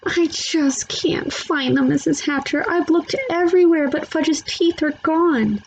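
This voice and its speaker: A woman voicing a whiny, guilty young girl who pleads slowly. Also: high voice, animated, creaky, a little hiss or hum, voice pushed up, heavily acted, poor audio. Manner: pleading, slow whine.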